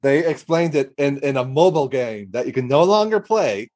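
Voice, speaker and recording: A man's voice: mid-range voice, animated, moderate pace, darkish tone. A man as a podcast guest, talking casually and hesitantly with many fillers and restarts. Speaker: guest animator.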